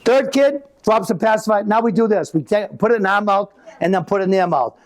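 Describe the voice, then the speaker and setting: A middle-aged man performing live stand-up comedy, telling animated stories and acting out voices. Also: high-pitched, a little fast. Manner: animated storytelling with acted-out voices. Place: live venue with an audience.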